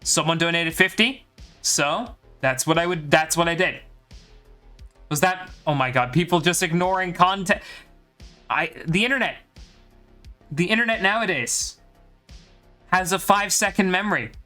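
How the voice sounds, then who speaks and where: A man's voice: high voice, moderate pace, pauses often, pushed and bright, soft background music. A man from Ireland with a light Irish accent, commentating a live game stream and joking with his viewers in a chatty, bragging way.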